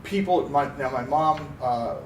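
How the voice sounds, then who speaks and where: A man from Pennsylvania, co-hosting a car podcast, telling a story in a casual, animated way and acting out the voices he quotes. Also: fairly high pitch, measured pace. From Pennsylvania, USA. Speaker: podcast co-host. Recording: roomy, distant mic with faint noise.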